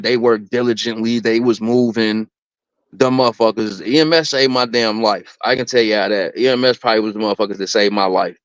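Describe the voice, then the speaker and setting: A man's voice: lowish voice, fairly bright tone, no room sound. Rambling, profane man on a dull stream. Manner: rambling, profane, repeats words. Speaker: guest on a live stream. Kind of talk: casual storytelling chat.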